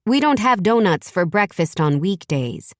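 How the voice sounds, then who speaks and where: A woman's voice: medium pitch, big pitch swings, measured pace, dry recording, clean studio sound. A woman voicing a protective single mother who speaks firmly and scolds. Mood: scolding. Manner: firm, scolding.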